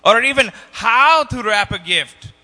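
A man's voice: extremely high pitch, animated, a little slow, sharp tone, soft background music, full character voice. A man voicing a goofy, self-important Scottish rapper who rambles and laughs at his own jokes, with a Scottish accent. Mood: boastful. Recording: long hall reverb.

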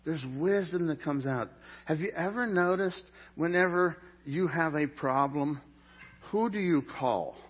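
A middle-aged man preaching a sermon in an animated, jokey way, with sudden loud peaks. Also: on the high side, unhurried, slightly rough. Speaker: pastor. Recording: dull lo-fi sound.

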